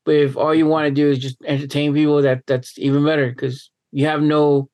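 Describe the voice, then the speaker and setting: Middle-aged guy hosting, laid back, laughs a lot, kinda high voice, dry sound. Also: brisk, no echo. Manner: relaxed, laughs easily, swears casually. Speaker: podcast host. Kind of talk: casual chat.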